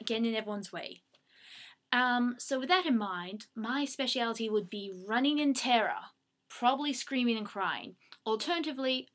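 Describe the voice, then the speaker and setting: Bright-voiced chatty Australian woman. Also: a little high. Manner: chatty, self-mocking, animated. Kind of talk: casual fan question-and-answer monologue. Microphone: webcam microphone.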